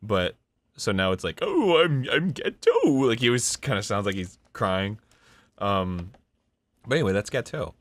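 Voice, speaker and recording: A man's voice: fairly low pitch, moderate pace, dry recording. A man in his thirties telling a casual, rambling story about his voice work, often breaking off mid-sentence and swearing. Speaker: voice actor and show host.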